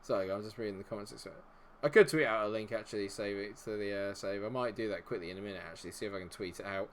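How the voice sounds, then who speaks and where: A man talks through a live game stream in a fairly low voice, cursing and groaning at every missed chance. Between matches he chats easily with his viewers. A faint background hiss sits under the voice. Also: fast talker. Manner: exasperated, swears freely at the game. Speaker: gaming streamer. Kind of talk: live gameplay commentary.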